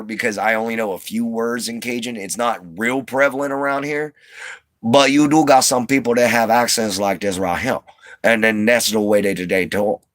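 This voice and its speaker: Low-voiced Southern man chatting easily. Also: fairly bright tone, no room sound. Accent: Southern US twang. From Southern United States. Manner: rambling, easygoing, many fillers and restarts. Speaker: livestream host. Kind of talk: casual chat to viewers. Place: inside an RV.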